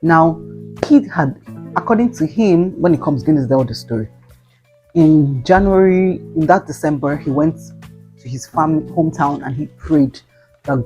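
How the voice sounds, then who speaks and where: A young woman in her twenties chats with her viewers as she tells a story, her low, mellow voice growing animated and exclaiming. Faint guitar music plays under her talk. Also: unhurried, muffled recording. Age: 20s. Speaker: vlogger. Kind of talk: casual storytelling.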